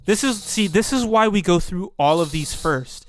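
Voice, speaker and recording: A man's voice: high-pitched, animated, moderate pace. A man hosting a let's play, commenting casually on a puzzle game and thinking aloud in rambling, restarting sentences. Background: background music.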